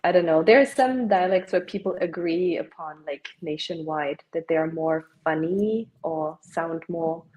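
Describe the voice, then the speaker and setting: A woman with a German accent, a guest in a casual podcast chat, talking with lots of "like" and soft "hmm" fillers. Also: lowish voice, measured pace, hardly any pauses, highs cut off.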